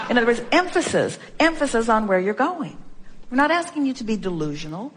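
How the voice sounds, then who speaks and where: A woman's voice: on the high side, sing-song, a little fast, a little hiss or hum. Woman speaking as "we", emphatic repetition. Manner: speaks as "we", repeats key phrases for emphasis; strings together rhetorical questions. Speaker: inspirational workshop speaker. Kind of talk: inspirational workshop talk to an audience.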